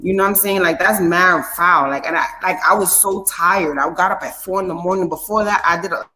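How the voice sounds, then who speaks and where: A woman telling a long story in casual chat, animated and full of profane slang. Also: on the low side, a little fast, faint music behind.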